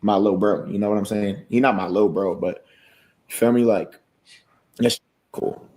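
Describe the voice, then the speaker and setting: A man's voice: lowish voice, steady tone, normal speed, dark tone. A man talking casually on a livestream in a subdued, serious way, repeating himself as he makes his point.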